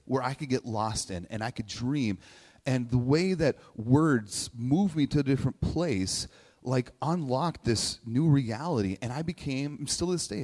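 Chatty man preaching in a reverberant hall. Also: medium pitch. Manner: animated, chatty, acts out quotes in funny voices. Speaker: speaker giving a message to a congregation. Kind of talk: sermon storytelling.

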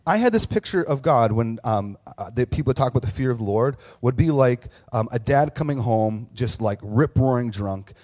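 A man's voice: medium pitch, expressive, moderate pace, hardly any pauses, darkish tone. Candid storytelling male pastor. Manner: candid, self-deprecating, storytelling with many fillers and restarts. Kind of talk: conversational sermon. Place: church with online audience.

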